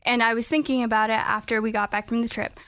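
A young woman guest with a fairly high voice, answering earnestly and haltingly with lots of ums. She is on a close, dry studio mic. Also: level tone, a bit bright, dry recording. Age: young adult. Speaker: guest, student back from a mission trip. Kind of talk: casual radio interview. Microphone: studio microphone.

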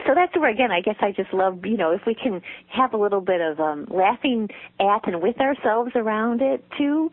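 A woman's voice: medium pitch, expressive, normal speed, hardly any pauses, dry recording. A woman guest and writer with a loving, nurturing voice, telling a story in a reflective, casual interview. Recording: dry phone line.

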